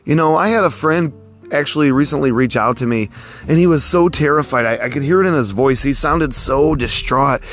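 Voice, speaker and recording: A man's voice: mid-range voice, a little fast, soft background music. A man hosting a podcast, musing in a casual, rambling way with lots of fillers, recorded outdoors. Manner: rambling, folksy, many fillers like "you know". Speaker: podcast host. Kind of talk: casual philosophical monologue. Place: outdoors with cars passing.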